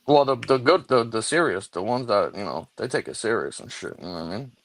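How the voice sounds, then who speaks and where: A man's voice: mid-range voice, lively intonation, a little fast, no room sound. A man hosting a late-night show, talking loosely and profanely about sports in casual chat. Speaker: show host.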